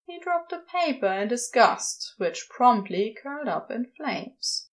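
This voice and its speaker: A woman reading a comic story aloud as a narrator, with a wry, expressive delivery. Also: fairly high pitch, a little slow, hardly any pauses. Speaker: podfic reader.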